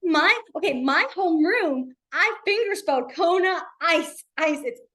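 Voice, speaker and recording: Very high-pitched and bright, this young teacher's voice is expressive and forceful yet unhurried. She teaches beginners sign language in a library classroom, chatting casually and filling gaps with "like" and "um."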